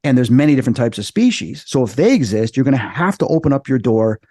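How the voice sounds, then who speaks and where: Excitable man telling a story. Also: fast talker, no echo, studio quality. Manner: excitable, acts out quoted voices with big jumps in pitch. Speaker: podcast guest. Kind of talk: animated storytelling.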